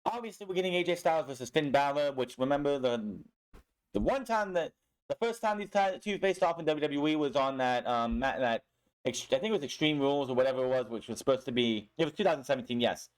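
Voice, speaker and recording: A man's voice: mid-range voice, fast. A young man recapping a wrestling show in a casual, blunt way, swearing often and sounding frustrated with the booking.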